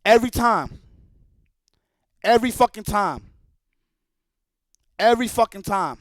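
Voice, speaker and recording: Male streamer, high pitch, dry close sound, angry profane rant. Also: lively intonation, measured pace, no room sound. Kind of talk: heated rant.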